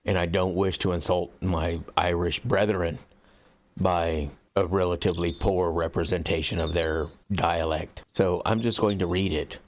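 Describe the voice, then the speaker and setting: Deep-voiced blunt, cussing American man. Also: steady tone, normal speed. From United States. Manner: blunt and profane, loose rambling delivery. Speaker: author reading his own book. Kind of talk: casual chat to viewers before a reading.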